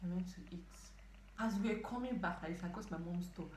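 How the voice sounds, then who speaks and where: A woman's voice: lowish voice, fairly quick, slight background noise. Nigerian woman telling a dramatic story. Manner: animated, dramatic outbursts and asides. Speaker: storytime vlogger. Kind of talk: casual storytelling to camera. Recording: echoey room.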